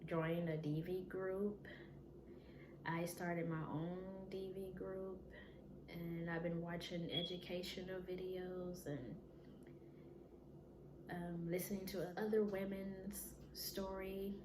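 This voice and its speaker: Slow-talking woman in an echoey room. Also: on the low side, level tone. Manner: earnest, drops into hushed whispered asides. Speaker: vlogger. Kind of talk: personal storytelling. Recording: roomy with clear background noise.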